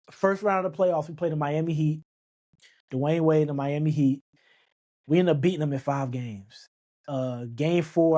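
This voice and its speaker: With a warm tone and a fairly high pitch, an adult sports podcast host delivers a casual sports talk monologue. He speaks emphatically, often going back over his words and restarting sentences.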